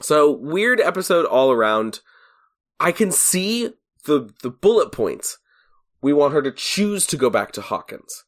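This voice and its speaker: A man co-hosting a podcast, chatting casually and analysing a series, now and then acting out characters' lines. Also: medium pitch. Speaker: podcast co-host. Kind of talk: casual chat.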